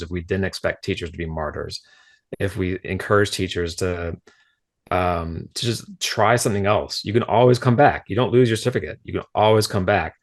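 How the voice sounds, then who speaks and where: A deep-voiced man speaks frankly on a podcast as a guest. He explains his points plainly and often checks in with a rhetorical "right?". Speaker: guest author, former school principal. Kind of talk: casual podcast conversation.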